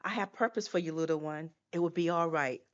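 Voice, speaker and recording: An older woman voicing a gentle heavenly father who softly reassures an unborn child. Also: fairly low pitch, fairly quick, lo-fi sound, lightly acted. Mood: reassuring. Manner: soft, hushed, reassuring.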